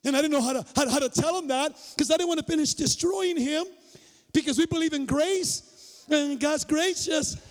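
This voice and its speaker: Male pastor, very high voice, lively storytelling sermon with shouted peaks, reverberant church hall. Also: moderate pace. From Mexican-American migrant family. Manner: animated, acts out dialogue, shouts for emphasis. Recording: long reverb of a large hall.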